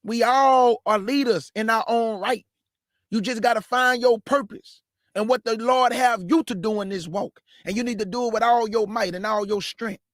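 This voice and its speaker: High-voiced guy preaching live, fired up, repeats himself a lot, dry close sound. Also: steady tone, moderate pace, fairly bright tone, dry recording. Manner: fervent and repetitive, calls listeners man and family. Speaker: host and preacher. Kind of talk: live exhortation to young people.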